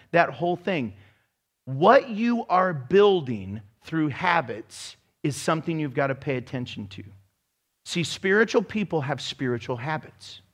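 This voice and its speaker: A man preaching a sermon to a room, energetic and animated, breaking into shouts and laughs. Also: on the high side. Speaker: pastor. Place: church room with congregation.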